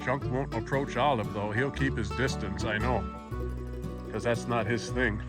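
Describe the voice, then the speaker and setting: Loud music plays as a farm vlogger chats with his cats beside the barn, using a fond pet-talk voice. His pitch is medium and his tone steady, at a moderate pace.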